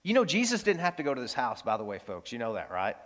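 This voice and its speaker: A male pastor with a medium-pitched voice preaches a sermon at a fast clip. He's animated, swinging between loud exclamations and hushed, tender lines.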